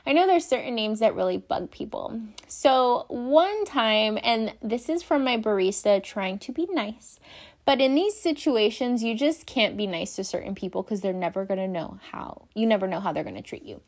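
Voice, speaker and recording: A young woman, a former shift supervisor, telling work stories in a casual, animated way, swearing freely and acting out the people involved. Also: fairly high pitch, moderate pace. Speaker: vlogger, former coffee shop shift supervisor. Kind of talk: casual storytelling rant.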